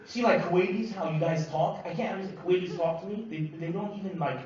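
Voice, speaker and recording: A man from Lebanon doing live stand-up comedy, loud and animated, working the crowd. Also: high voice, quick pace. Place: large comedy venue with live audience. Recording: echoey, dull live hall recording from far off, loud crowd.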